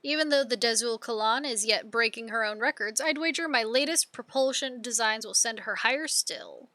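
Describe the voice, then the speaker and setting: A woman's voice: on the high side, normal speed, bright, forceful tone, dry recording. Woman reading a chatty, keen engineer. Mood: cheerful. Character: cheerful engineer, keen and talkative.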